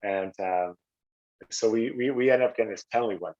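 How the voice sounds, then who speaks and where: On a podcast, a middle-aged Canadian man who once played hockey tells casual stories at a fairly quick pace. He's animated and acts out quotes by raising his pitch, and the lo-fi audio sounds slightly dull.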